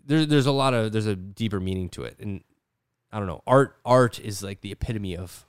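A podcast host in his studio speaks a little fast in a smooth, lowish voice, chatting casually and rambling with lots of "like." He frequently does voices for people he quotes. The dry recording is clean studio sound.

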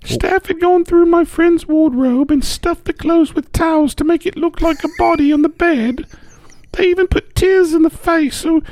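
A man putting on a high falsetto voice to play a shaken middle-aged woman, as a comic podcast impression. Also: normal speed, a little mellow, dry recording. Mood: horrified.

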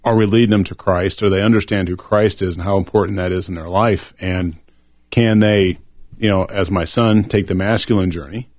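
A man's voice: deep voice, fairly even intonation, normal speed, darkish tone, dry recording. A middle-aged man talking earnestly and reflectively on a faith-based discussion show.

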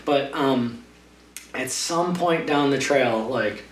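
Taking it slowly in a medium pitch, a man rambles through a long trail race story as a podcast interview guest, leaning on fillers. The recording is roomy and distant, with a faint hum underneath.

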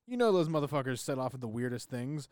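A man's voice: medium pitch, big pitch swings, fast talker, a little mellow, dry recording, clean studio sound. A young man co-hosting a podcast in casual chat, rambling and joking with lots of fillers and restarts. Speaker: podcast co-host.

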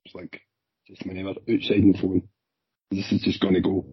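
A low-pitched, very husky Glaswegian man with a rough edge, formerly a police officer, tells off-the-cuff stories about his years on the force. He rushes through them in animated bursts, swearing now and then. The lo-fi recording sounds dull, close, and dry with no echo.

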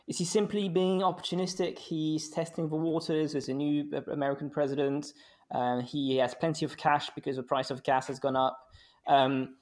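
A man hosting a discussion panel, explaining terms and asking questions in a measured way. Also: a little high, a little mellow. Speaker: host, moderator.

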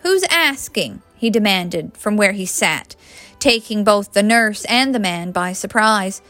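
A woman reading a story aloud in a steady, expressive storybook narration. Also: mid-range voice, a little slow, no room sound, soft background music. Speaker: audiobook reader.

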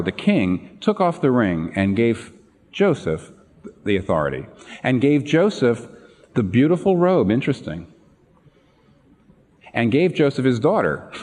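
A man preaching a sermon, retelling a Bible story with animated storytelling and acted-out lines. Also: medium pitch. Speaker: pastor. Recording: reverberant hall.

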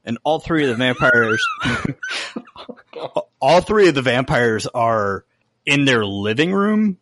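A man's voice: medium pitch, huge pitch swings, takes it slowly, fairly bright tone, slight background noise. A man co-hosting a podcast, chatting casually and recommending a show with emphatic enthusiasm. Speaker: podcast co-host. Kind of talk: casual chat.

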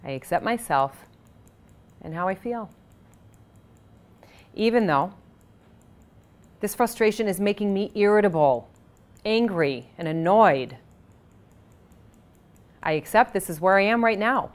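A woman leading a guided tapping session, speaking in a calm, measured way and guiding the breathing with audible sighs. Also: medium pitch.

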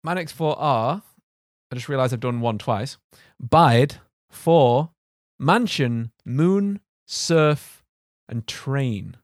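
A man's voice: mid-range voice, lively intonation, slow, no room sound, clean studio sound. A man hosting a casual podcast chat, joking and steering the conversation back on track. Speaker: podcast host.

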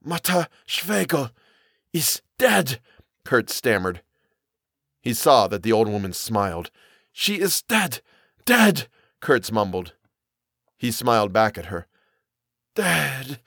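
A man's voice: on the low side, unhurried, long pauses, fairly bright tone, dry recording, studio quality. A man voicing a terrified man who stammers and quavers as if facing a ghost, his voice shaking. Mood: shaken. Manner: stammering, shaky, rising to shrieks.

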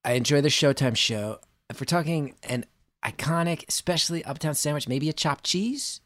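A man joking on a podcast as a guest, animated and mock-outraged. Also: fairly high pitch, moderate pace, no room sound. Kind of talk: casual chat.

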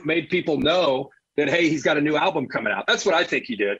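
A middle-aged man with a husky, somewhat high voice tells animated stories in a casual interview, restarting sentences and laughing as he goes. The sound is dull and lo-fi, like a remote line. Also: moderate pace. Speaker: college football analyst, guest.

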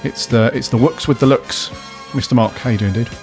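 A man's voice: medium pitch, fairly quick, a little mellow, faint music behind. A man hosting a casual podcast, chatty, jokey and easygoing. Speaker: podcast host.

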